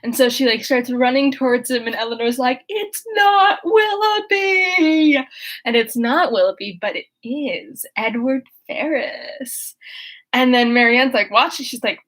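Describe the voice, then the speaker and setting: A woman's voice: a little high, fairly even intonation, normal speed, fairly bright tone. A young woman chatting in a rambling way from her bedroom, then reading a book aloud. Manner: rambling, chatty, full of fillers. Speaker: host and reader. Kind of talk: casual chat and reading aloud.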